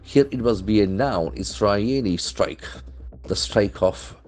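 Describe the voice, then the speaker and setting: A man's voice: lowish voice, slow pace, a little mellow. A man teaching English vocabulary from the newspaper, spelling words letter by letter and explaining how each is pronounced. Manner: explains pronunciation and meanings methodically. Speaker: English language trainer.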